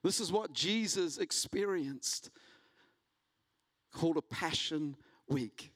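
A man preaching a sermon, telling a personal story and building to an animated delivery. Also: slow, no room sound. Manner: storytelling, rising in pitch and intensity when preaching. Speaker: pastor.

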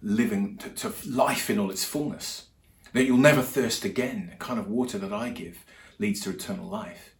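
A male preacher giving voice to a kindly, gentle Jesus who speaks low and hushed. The voice sits on the deep side and carries around a roomy hall. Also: moderate pace, close to an everyday voice. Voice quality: soft and hushed.

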